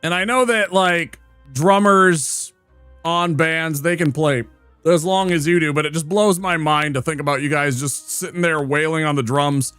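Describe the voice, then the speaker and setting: A man's voice: a little high, normal speed, a bit bright, smooth, dry recording, faint music behind. A man streaming and commenting on a game in a playful, teasing, chatty manner. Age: adult. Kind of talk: casual gameplay commentary.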